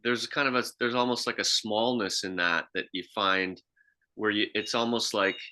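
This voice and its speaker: Guy chatting on a podcast, fairly low voice but really bright, rambly and reflective. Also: fairly even intonation, normal speed. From half Swiss. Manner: reflective, storytelling with frequent restarts. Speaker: podcast co-host. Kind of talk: casual chat.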